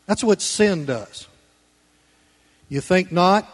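A man preaching a Sunday sermon in church, folksy and conversational, swinging between loud emphatic lines and quiet low asides. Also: lively intonation, slow, big-room sound. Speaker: pastor.

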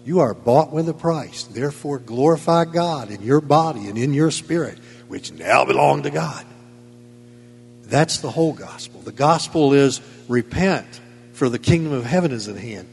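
A pastor preaching a sermon in a church, emphatic and folksy with chuckling asides. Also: male voice, on the high side, long reverb tail, a little hiss or hum. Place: church sanctuary.

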